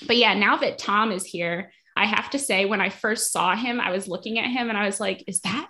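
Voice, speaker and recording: A woman's voice: mid-range voice, brisk, pushed and bright. Chatty woman recapping a show. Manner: chatty, retelling scenes with quoted dialogue. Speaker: podcast co-host. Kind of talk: casual chat recapping a TV episode.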